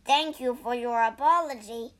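A woman voicing a greedy, whiny male pig companion who yells and complains. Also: on the high side, normal speed, lightly acted. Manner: whiny, shouting.

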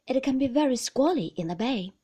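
A woman reading the part of a reserved, uneasy man who answers quietly and reluctantly in a storybook reading. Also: high-pitched, lively intonation, brisk, husky.

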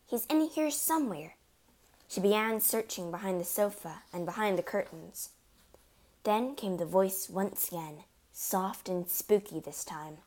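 A woman narrating a children's storybook in an expressive, animated reading. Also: fairly low pitch, measured pace. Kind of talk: audiobook storytelling.

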